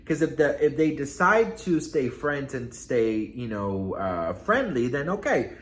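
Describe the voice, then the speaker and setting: A man's voice: mid-range voice, big pitch swings, a little slow, roomy sound, rough recording. A man from Miami chatting casually about celebrity gossip in a sassy, campy way, full of asides.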